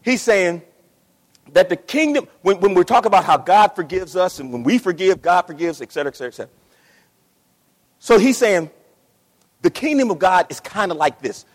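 Here a male preacher speaks in a high, sing-song voice at a brisk pace, leaving long pauses. His sermon is impassioned, full of repeated phrases and acted-out quoted voices, recorded with the long reverb of a big hall.

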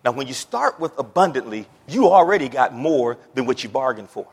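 A man preaching a sermon, moving from quiet scripture reading to loud, excited preaching, with folksy stories and repeated words. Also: medium pitch, fairly quick, slightly rough, big-room sound. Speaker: pastor.

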